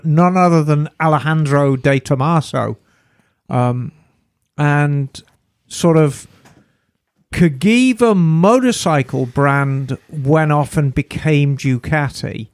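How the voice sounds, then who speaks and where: A man's voice: fairly high pitch, no room sound, clean studio sound. Man from the UK chatting on a podcast. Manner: chatty, explaining. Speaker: podcast co-host. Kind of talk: casual panel chat.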